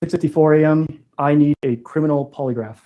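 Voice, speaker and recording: A man testifying as a witness in court, calmly reading out a list of items and spelling out words letter by letter. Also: fairly high pitch, fairly quick, narrow, tinny audio. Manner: matter-of-fact, reads items out and spells them.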